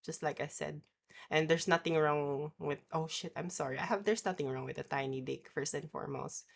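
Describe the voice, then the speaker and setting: A woman's voice: low-pitched, a little fast, creaky. A woman streamer ranting in casual chat, sweary and rambling, apologizing as she goes.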